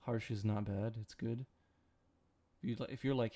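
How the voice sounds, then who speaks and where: A man's voice: mid-range voice, steady tone, brisk, vocal fry, dark tone. A young man, sleepy, rambling and joking with his chat during a casual late-night stream. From Canada.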